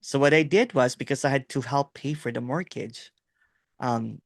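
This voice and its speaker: A man's voice: mid-range voice, moderate pace, gravelly, no room sound, studio quality. A middle-aged man from the Philippines with a Filipino accent, rambling through a story in casual video-call chat with lots of fillers and "right?". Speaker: host.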